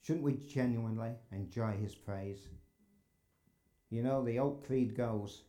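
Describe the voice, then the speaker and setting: A man's voice: mid-range voice, slow pace, dark tone. A man preaching a sermon in a church sanctuary, earnest and building to emphatic exclamations.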